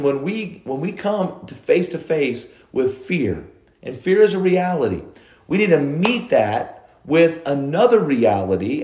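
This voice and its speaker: A male pastor preaching a sermon, moving between loud emphasis and hushed asides, quoting scripture. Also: fairly high pitch, echoey room. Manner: preaching storyteller, quotes old scripture language.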